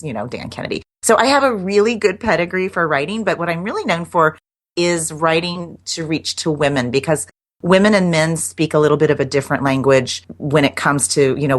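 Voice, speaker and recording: A middle-aged woman guest chatting casually in an interview, laughing often and restarting her sentences. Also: sits low. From United States.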